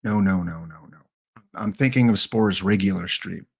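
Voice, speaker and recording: A man's voice: deep voice, normal speed, vocal fry, breathy edge. A Canadian man in his fifties, a game streamer chatting casually and jokily with his viewers. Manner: rambling, jokey, talks to chat. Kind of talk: casual live-stream chat.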